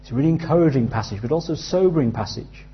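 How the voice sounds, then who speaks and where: A man in his thirties preaching a sermon earnestly, dropping to a hush and rising loud as he tells stories. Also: mid-range voice, lively intonation, very fast. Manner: earnest, with big swings from hushed to loud in anecdotes. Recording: slightly dull, lo-fi sound.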